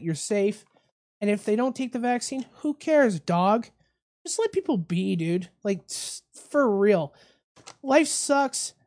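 Loudmouth lady radio host ranting, rambly and provocative, comedy talk show. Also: mid-range voice.

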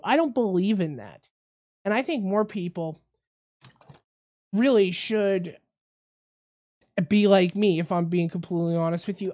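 A woman's voice: lowish voice, a little mellow. A woman hosting a comedic talk radio show, ranting in a brash, rambling, provocative way.

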